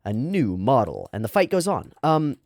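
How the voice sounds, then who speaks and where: Lively man reacting to anime. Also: mid-range voice, moderate pace, dry recording, studio quality. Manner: animated, quotes dialogue and muses aloud, swears casually. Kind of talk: casual reaction commentary.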